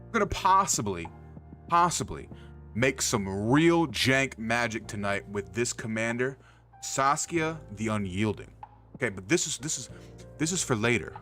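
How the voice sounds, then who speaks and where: A man's voice: medium pitch, lively intonation, measured pace, pushed and bright, soft background music. A man hosting his own livestream, chatting casually with his viewers in a hyped, loose and profane way. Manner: hyped, loose and profane, talks straight to the chat. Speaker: streamer host.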